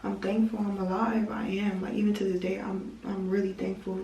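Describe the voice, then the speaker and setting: A woman's voice: mid-range voice, flat delivery, brisk, mellow, roomy sound, far from the mic, a little hiss or hum, rough recording. A young woman telling a storytime vlog, rambling with lots of "like" fillers. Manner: rambling, heavy use of "like" fillers. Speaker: vlogger. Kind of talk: storytime vlog, casual retelling.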